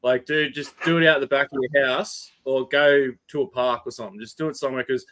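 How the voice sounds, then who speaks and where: A man's voice: medium pitch, brisk. Swearing Australian man telling a story. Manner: swears freely, animated storytelling. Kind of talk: casual chat, storytelling.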